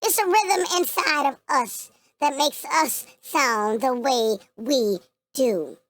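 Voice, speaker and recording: A woman's voice: high-pitched, slow, a bit bright, no room sound. A young woman with an African American English accent, hosting a reaction video and ranting bluntly with lots of swearing. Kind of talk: profane reaction rant.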